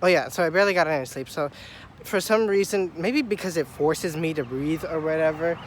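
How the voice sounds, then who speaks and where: A young man with a stuffy nose, out of breath, rambling excitedly and swearing as he vlogs on a phone while walking outside. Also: on the high side, fairly quick. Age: young adult. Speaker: vlogger. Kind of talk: casual walking vlog. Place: outdoors on a city street. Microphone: phone held at arm's length. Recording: faint outdoor traffic noise. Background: faint street and traffic sounds.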